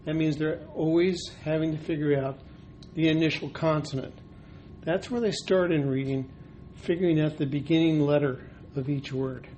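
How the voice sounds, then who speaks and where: A man with a fairly high voice walks through a classroom teaching technique, pausing often with ums and uhs as he explains. The recording carries a clear layer of background noise. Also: steady tone, darkish tone. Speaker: teacher educator. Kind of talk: instructional demonstration. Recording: noisy recording.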